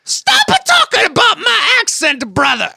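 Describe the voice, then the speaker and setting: Woman as a jealous sidekick brother, male, hammy Italian accent, whiny, indignant, bright lively voice. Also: very high voice, unhurried, gravelly, no room sound, clean studio sound, exaggerated voice. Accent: hammy put-on Italian. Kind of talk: improvised podcast parody.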